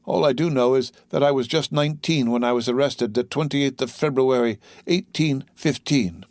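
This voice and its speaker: A man's voice: medium pitch, moderate pace, a little mellow, dry recording, natural voice. A man voicing a desperate young male prisoner in an audiobook, pleading with earnest passion.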